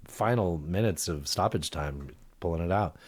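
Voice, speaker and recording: A man's voice: sits low, moderate pace, darkish tone. A man hosting a podcast, telling rambling, profane stories in a casual chat. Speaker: podcast host.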